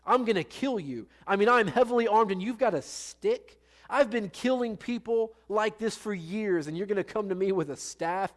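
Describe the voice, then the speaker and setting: A man doing a scornful giant warrior, loud and jeering, pitched up high above his usual voice, lively and taunting in a sermon retelling. A huge, boastful armored fighter mocking a small opponent, as a preacher acts him out. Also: brisk, hardly any pauses, lightly acted.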